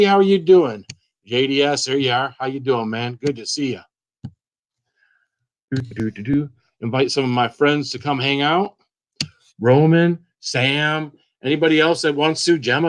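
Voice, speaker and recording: A man hosting a casual live stream, greeting viewers one by one by name in a relaxed, chatty way. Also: a little high.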